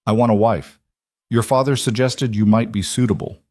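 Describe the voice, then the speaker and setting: A man voicing a cold, commanding middle-aged crime boss with an Italian accent, speaking deliberately and with quiet menace. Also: lowish voice, fairly even intonation, dry recording, clean studio sound, close to an everyday voice.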